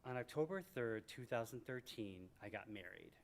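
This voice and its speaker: A man in his sixties from Michigan, reading from his memoir to a live audience in a library event room, animated and joking. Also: moderate pace. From Michigan, USA. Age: 60s. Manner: animated and joking, with big swings in pitch and loudness. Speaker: author at a book event.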